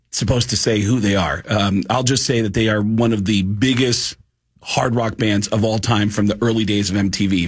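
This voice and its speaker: A man, a comedian guest, telling an animated comedy anecdote and acting out the characters. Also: on the low side, husky. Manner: animated storyteller, acts out characters.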